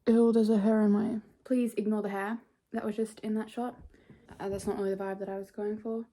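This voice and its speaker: A woman's voice: mid-range voice, flat delivery, fairly quick, mellow. Chatty young woman vlogging at home. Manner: chatty, playful, self-mocking. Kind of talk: casual vlog narration. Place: bedroom at home.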